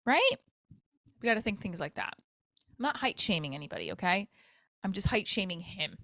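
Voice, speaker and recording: A woman comedian hosting her own podcast, talking candidly and rambling about dating and self-worth, with self-mocking jokes and loud comic rants. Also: mid-range voice, expressive, fairly quick, creaky, no room sound. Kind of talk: candid personal podcast monologue.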